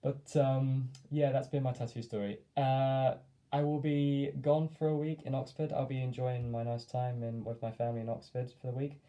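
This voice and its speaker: A man's voice: medium pitch, little pitch movement, normal speed, dark tone, low-quality recording. A man telling a casual story to camera, rambling with lots of fillers and friendly asides. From England. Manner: rambling, many fillers and hedges, friendly sign-off. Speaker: vlogger.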